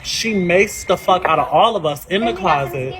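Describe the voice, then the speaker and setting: A man in a casual chat telling a story in a matter-of-fact, fairly quick way. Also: high voice, animated, crowd noise. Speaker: podcast guest.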